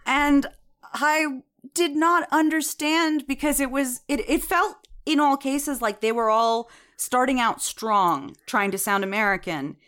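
A woman's voice: high-pitched, measured pace, a bit bright. A woman co-hosting a podcast in casual chat, chatty and digressive, with many fillers and frequent laughter. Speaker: podcast co-host reviewing a TV series.

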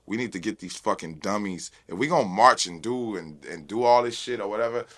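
Forceful-voiced man venting in an interview. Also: on the low side, fairly quick. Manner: impassioned, streetwise, often says "you know what I'm saying". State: high. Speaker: interview guest, rapper. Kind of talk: casual unfiltered interview talk.

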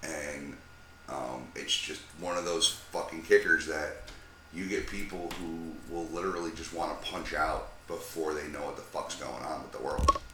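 Male co-host, very deep but forceful voice, swearing and blunt; roomy echo, faint noise. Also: steady tone, moderate pace. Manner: profane, philosophizing, blunt. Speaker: podcast co-host. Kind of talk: casual chat.

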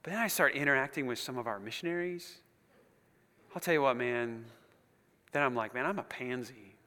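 Impassioned preacher man, bright forceful voice. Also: medium pitch, brisk. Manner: impassioned, swinging from hushed near-whispers to loud rising build-ups; conversational asides and repetition. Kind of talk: sermon. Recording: long reverb of a large hall.

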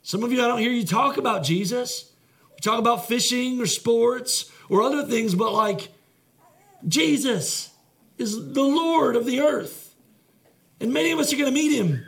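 High-voiced earnest male pastor. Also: expressive, moderate pace, creaky, a bit bright. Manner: conversational, filler-heavy preaching with many restarts; earnest, heartfelt delivery. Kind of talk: sermon.

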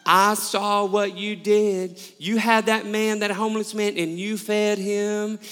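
A man quoting an admiring elderly Southern woman in a slow, drawn-out voice. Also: sits high, flat delivery, fairly bright tone, clear, resonant tone, in a large hall.

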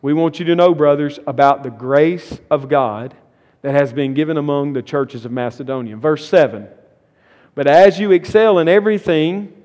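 A man's voice: on the high side, normal speed, darkish tone. A man preaching a sermon, reading scripture and then building emphasis as he explains it. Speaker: pastor. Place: church sanctuary. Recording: long church hall reverb.

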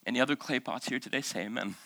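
A man preaching a sermon in a church, with a bright, forceful voice that is captured close and dry. He talks to the congregation like a conversation, keeps throwing rhetorical questions at them, and slips into other voices when he quotes someone. He has been sick for the past several months. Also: medium pitch, racing, creaky, no room sound. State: recovering from months of illness. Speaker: pastor.

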